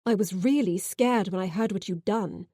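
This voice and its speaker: A woman's voice: mid-range voice, moderate pace, mellow, no echo, studio quality, close to an everyday voice. A woman voicing Rel, an earnest young man bringing an urgent warning, in an audiobook reading. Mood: surprised. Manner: urgent, pleading.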